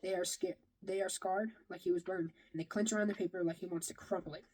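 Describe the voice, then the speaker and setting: A woman's voice: fairly low pitch, fairly even intonation, quick pace, darkish tone, breathy edge, low-quality recording. A woman reading a novel aloud in the first person, now and then stumbling and rereading a phrase. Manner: first-person storytelling with occasional slips and rereads. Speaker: reader.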